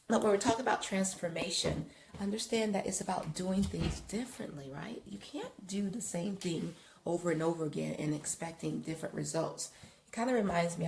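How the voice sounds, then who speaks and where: A woman hosting a live wellness talk and guiding yoga, coaching calmly and rambling loosely with many fillers, on a phone mic. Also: lowish voice, gravelly, slight background noise. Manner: calm, coaching guidance. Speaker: wellness host and yoga guide. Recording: echoey room.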